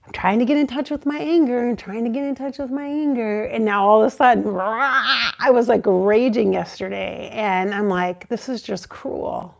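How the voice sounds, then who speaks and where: Creaky-voiced woman venting to viewers. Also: fairly quick, a little mellow. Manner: emphatic, swearing, rising to high exclaims when reenacting. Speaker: psychic channel host. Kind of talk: casual spiritual vlog talk.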